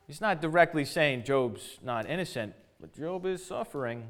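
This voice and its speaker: A man's voice: a little high, animated, moderate pace, a bit bright. A man preaching from the Bible in a casual, conversational way, paraphrasing in modern slang and often repeating words as he goes.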